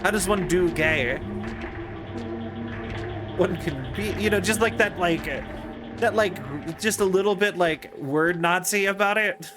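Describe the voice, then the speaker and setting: A man's voice: sits high, moderate pace, over music. A man casually commenting on a video game as he plays, chatty and rambling with lots of fillers. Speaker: streamer.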